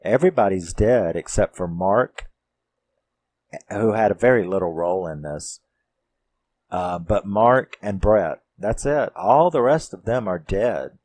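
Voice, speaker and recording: A man recapping a horror film in a casual, profane and animated way. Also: lowish voice, unhurried. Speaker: film reviewer.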